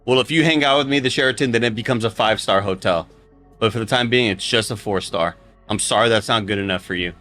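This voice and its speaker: A man doing a smug, boastful male figure in a deliberately poor put-on accent. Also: fairly low pitch, bright, forceful tone, soft background music. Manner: boastful, teasing. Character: smug grown man in a clumsy mock accent.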